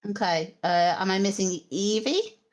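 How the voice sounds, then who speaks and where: Slow-paced woman running a tabletop game. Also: medium pitch. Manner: slow, hesitant, many ums. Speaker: game master. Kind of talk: narrating a tabletop game online.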